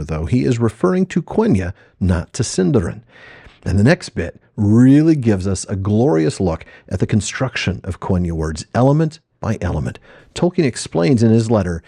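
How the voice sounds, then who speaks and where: A male podcast host lays out his explanations with scholarly enthusiasm. His low, mellow voice swings widely in pitch. The sound is dry and close. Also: big pitch swings, moderate pace, husky, no echo.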